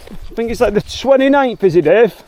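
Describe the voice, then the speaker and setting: A man's voice: very high voice, animated, moderate pace, darkish tone. A man with a Liverpool accent, chatting cheerily to viewers as he vlogs a rainy hike outdoors. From England. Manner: chatty, cheery, slangy, addresses viewers as legends. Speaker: hiking vlogger. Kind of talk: casual walking vlog. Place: outdoors on wet fells, later in a car.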